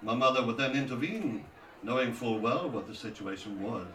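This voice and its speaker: A man's voice: medium pitch, moderate pace, a bit bright, a little hiss or hum. A man narrating a scripted memoir, wry and mocking as he tells it. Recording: roomy echo, distant from mic.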